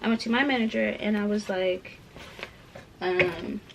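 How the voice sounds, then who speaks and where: A young woman rambling through a casual rant at home while packing, full of "like" fillers, dipping into soft asides. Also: medium pitch, a little slow, gravelly, lo-fi sound, noisy background. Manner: rambling, heavy use of "like" fillers; drops to soft asides about clothes. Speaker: vlogger.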